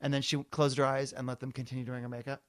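A man co-hosting a podcast, telling animated anecdotes in casual chat, full of fillers. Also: mid-range voice, quick pace. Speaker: podcast co-host.

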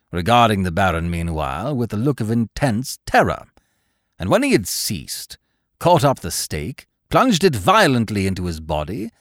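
Expressive male audiobook narrator, deep-ish voice. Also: no echo, studio quality. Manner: expressive, measured storytelling. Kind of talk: audiobook reading of a classic tale.

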